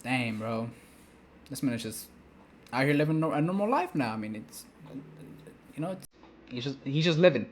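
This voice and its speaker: A man's voice: medium pitch, animated, moderate pace, long pauses, slight background noise. A man giving casual reaction commentary on a manga, rambling with slang, "you know" fillers and frequent restarts.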